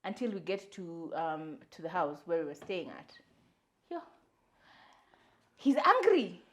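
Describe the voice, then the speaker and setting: A woman's voice: fairly low pitch, unhurried. A young adult woman, co-hosting a podcast, telling a story in casual chat, acting out what people said and mixing in Swahili. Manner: animated storyteller, slips into Swahili, acts out quotes. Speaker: podcast co-host.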